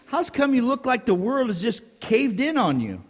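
A preacher doing a baffled friend in a joke. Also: male voice, very high-pitched, very animated, normal speed, husky, pitched above the performer's own voice, full character voice. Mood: puzzled. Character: puzzled friend asking about the sadness. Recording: long hall reverb.

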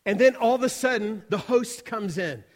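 A man telling a mission story in a sermon, animated and acting out the voices of the people he quotes. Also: sits high, normal speed. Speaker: missions speaker. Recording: long reverb of a large hall.

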